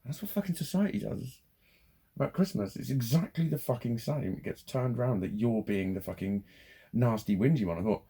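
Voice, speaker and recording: A man's voice: mid-range voice, expressive, a little fast, dark tone, husky. A man, ranting casually to camera, sweary and rambling, getting heated. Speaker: vlogger.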